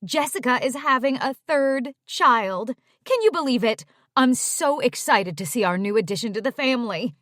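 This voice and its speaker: A woman's voice: lowish voice, animated, a little slow, dry recording, clean studio sound. A woman voicing an older mother who gushes and chatters on, talking over everyone, read in an audiobook. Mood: gushing. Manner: effusive, talks over others.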